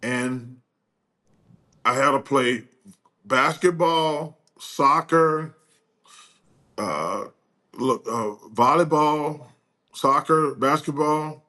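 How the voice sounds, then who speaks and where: An older man telling stories as a guest in a casual chat, acting out quoted dialogue with lively energy. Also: medium pitch, extremely slow, long pauses. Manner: animated, acts out quoted dialogue.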